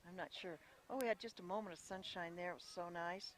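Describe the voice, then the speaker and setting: A live radio play-by-play voice calling a small-town baseball game from a windy outdoor ballpark. The delivery is chatty and folksy, checking details aloud and correcting itself, at a middling pitch. Clear background noise from the open-air field sits under the voice. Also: fast talker. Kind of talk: live radio sports commentary.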